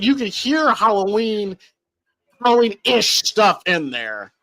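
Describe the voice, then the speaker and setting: An excitable man riffing through a horror movie watch-along. His voice is bright and lively, jumping up and down in pitch as he rambles. The sound is dry and close. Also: normal speed, no room sound, rough recording. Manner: excitable, rambling, lots of fillers and swearing. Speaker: podcast co-host.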